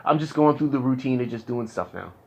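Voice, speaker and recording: A young man in the middle of a candid conversation. He talks at an ordinary middle pitch, frustrated and rambling, circling back over his words with halting restarts. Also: lively intonation, gravelly, dull audio. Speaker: client in therapy. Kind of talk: candid casual talk.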